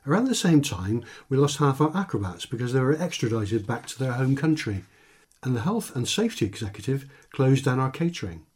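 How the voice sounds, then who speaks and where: A man's voice: medium pitch, very animated, fairly quick, darkish tone, slightly rough. A man reading his own comic short story for radio in a dry, wry first-person narration. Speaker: author and reader.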